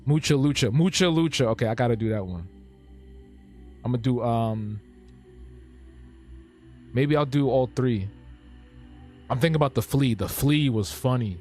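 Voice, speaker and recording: A man's voice: medium pitch, a little slow, long pauses, a little mellow, faint music behind. A man streaming live while he draws cartoons, joking and reacting to his chat as he thinks aloud.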